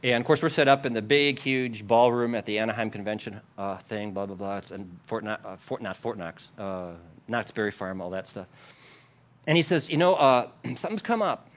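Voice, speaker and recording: A man's voice: fairly low pitch, normal speed. A man preaching a sermon, telling a story with lots of laughs and acted-out quotes. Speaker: pastor.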